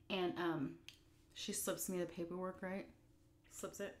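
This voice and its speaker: A woman's voice: lowish voice, flat delivery, a little slow, long pauses. A woman vlogger telling a story while eating, candid and blunt, rambling with fillers. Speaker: mukbang vlogger.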